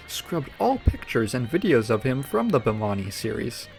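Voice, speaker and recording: A man's voice: medium pitch, big pitch swings, normal speed. Man, video narrator, dry sarcastic delivery, scripted, faint background music.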